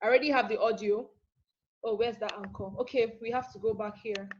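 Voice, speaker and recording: A woman's voice: a little high, fairly even intonation, fairly quick, a little hiss or hum. A woman teaching a live online class, chatty and teasing, checking in often with "okay?". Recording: dull lo-fi.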